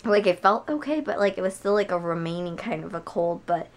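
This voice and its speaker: A young woman vlogging casually at home, hoarse from a cold and chatting with lots of fillers. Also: lowish voice, expressive, a little fast. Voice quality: gravelly. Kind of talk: casual chat to camera.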